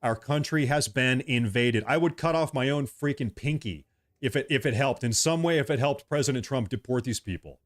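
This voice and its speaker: A man's voice: mid-range voice, moderate pace. A man in his early thirties from the United States, giving a heated political rant full of repetition and swearing. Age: 30s. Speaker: political commentator.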